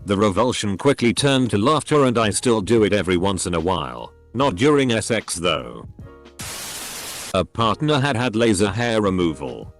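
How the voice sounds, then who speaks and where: Low-voiced male story narrator. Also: big pitch swings, moderate pace, faint music behind. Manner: reads posts aloud, spelling out censored words. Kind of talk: scripted narration of online posts.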